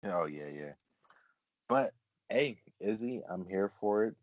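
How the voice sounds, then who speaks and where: A man's voice: lowish voice, expressive, slow, no echo, muffled recording. A man hosting a casual podcast chat, rambling and laughing, heavy on fillers. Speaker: podcast host.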